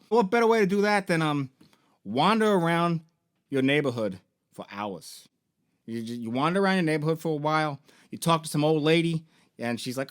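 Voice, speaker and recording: A man with a high voice retells a video game's story as a comedy bit. He rambles, swears freely and jokes along as he talks. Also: quick pace, a bit bright. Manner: rambling, profane, joking. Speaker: video game store founder and host.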